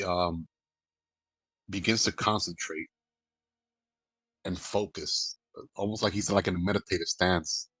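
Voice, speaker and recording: A man's voice: sits low, sharp tone, no room sound, rough recording. A man playing a tabletop game, describing his character's spell in a rambling way, full of ums and likes. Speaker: player.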